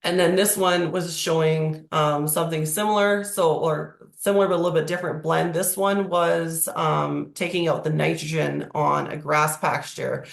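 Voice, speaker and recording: A presenter with a croaky, hoarse voice from a cold, explaining slides in a webinar over a video call. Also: medium pitch, fairly even intonation, normal speed, hardly any pauses. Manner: explanatory, walking through slides. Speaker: agricultural presenter. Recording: echoey room.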